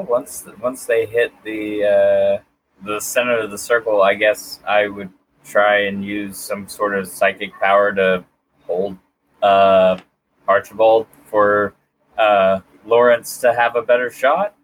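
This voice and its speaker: A man playing a tabletop game, talking slowly and hesitantly. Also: fairly low pitch, level tone, slight background noise, low-quality recording. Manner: slow and hesitant. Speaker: player. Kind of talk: casual role-play chat.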